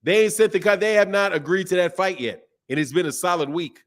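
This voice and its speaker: A fairly high-voiced man hosting a casual boxing livestream. He talks loosely in slang and jumps between points with lots of restarts. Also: fairly quick. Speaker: boxing channel host. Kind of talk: casual livestream chat reading super chats.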